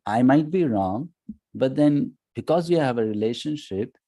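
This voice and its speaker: A man teaching an online scripture class, talking conversationally with frequent "you know" and "hmm", and chanting verses slowly. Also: mid-range voice, lively intonation, dark tone. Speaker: course teacher. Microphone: online class audio.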